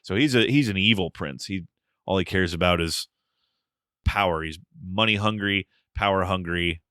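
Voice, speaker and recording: A man's voice: sits low, moderate pace, bright, forceful tone, smooth, no room sound, clean studio sound. A man co-hosting a podcast, recapping a film plot in a wry, joking way. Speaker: podcast co-host. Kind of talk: casual film discussion.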